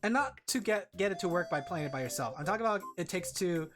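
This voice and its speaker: A woman's voice: on the low side, lively intonation, quick pace, over music. A woman with an Australian accent chatting playfully with her stream viewers, giggling and joking dramatically. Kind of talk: casual stream chat with viewers.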